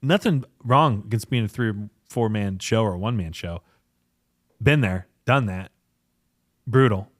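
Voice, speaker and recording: A man's voice: on the low side, a little slow, pauses often, dry recording, studio quality. A man hosting a podcast, telling stories in a casual chat with lots of laughter and acted-out voices of the people in them. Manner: animated, laughs often, acts out quoted people in a raised voice. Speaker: podcast host, company founder.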